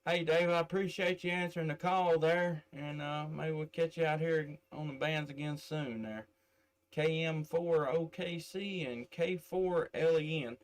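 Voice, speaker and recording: A man's voice: on the high side, measured pace. A man from Tennessee with a Southern accent, chatting on the air as a ham radio operator into a desk microphone, drawling with many fillers. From middle Tennessee. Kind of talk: casual on-air radio contact.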